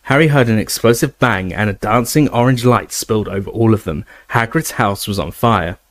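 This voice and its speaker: A male narrator reads an action-packed fantasy chapter with an expressive delivery, lifting his voice for the shouts. His voice is fairly low, and the recording is dry and close with no room around it. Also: normal speed, dry recording. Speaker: audiobook narrator. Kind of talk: dramatic audiobook reading.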